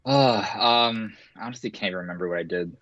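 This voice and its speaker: A man's voice: on the low side, fast talker, a bit bright, no echo. A man, a guest on a podcast, chatting casually over a video call and rambling with lots of fillers and small laughs. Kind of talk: casual chat. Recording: muffled video call audio.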